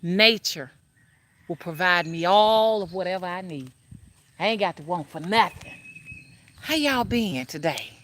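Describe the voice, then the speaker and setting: A woman hosting a spiritual livestream from home on her phone, keeping her voice low and greeting viewers one by one by name. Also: expressive, unhurried, long pauses, fairly bright tone, slight background noise. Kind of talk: casual livestream chat with viewers.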